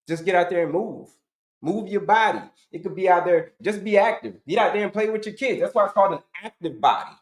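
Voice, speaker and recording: A man's voice: sits high, roomy sound. A middle-aged man giving an emphatic, repetitive health coaching talk, asking and answering his own questions to the audience.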